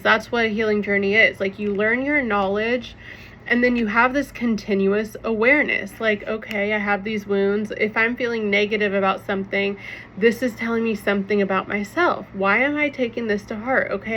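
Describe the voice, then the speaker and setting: A woman's voice: mid-range voice, dull audio. A young woman talking earnestly to camera about her own healing, casual and heartfelt, often saying "like" and "right?". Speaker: vlogger sharing personal healing story.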